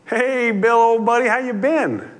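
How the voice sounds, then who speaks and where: Guy doing a cheery healed man saying hi to an old buddy, kinda husky, big echoey hall. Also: very high voice, measured pace, voice pushed up. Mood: friendly. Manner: friendly, easygoing.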